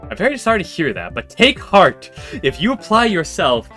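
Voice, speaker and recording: A man's voice: high voice, big pitch swings, moderate pace, pushed and bright, soft background music, voice pushed up, heavily acted. A man voicing a prim, formal female messenger who teases politely, in a game read-through. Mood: formal teasing. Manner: courtly, formal diction.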